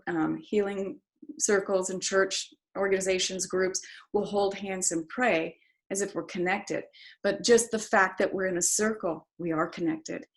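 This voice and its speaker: A woman's voice: on the low side, rough recording. A middle-aged woman guest, talking as she tells a story and acting out her own reactions. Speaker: interview guest. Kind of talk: conversational storytelling.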